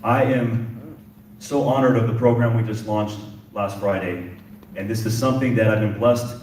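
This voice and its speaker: A man's voice: fairly low pitch, fairly even intonation, moderate pace, darkish tone, slight background noise. A middle-aged man, a police chief, giving a passionate speech at a community symposium, repeating phrases for emphasis. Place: event hall indoors. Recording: echoey room with distant mic.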